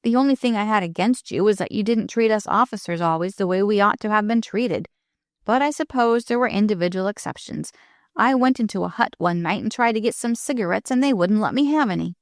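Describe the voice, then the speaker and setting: A woman's voice: medium pitch, brisk, dry recording, clean studio sound, close to an everyday voice. A woman voicing a bored, condescending rich young man, eager and self-satisfied. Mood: smug.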